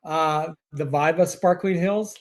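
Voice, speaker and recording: A man co-hosting a casual podcast as a mortgage broker, talking in a rambling, relaxed way. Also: fairly high pitch, unhurried. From Canada. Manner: rambling, many fillers and restarts, relaxed.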